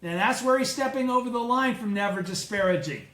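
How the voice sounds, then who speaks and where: A man leading a study group, reading scripture aloud and explaining it with slow, emphatic asides. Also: high-pitched, lively intonation, fairly bright tone, roomy sound.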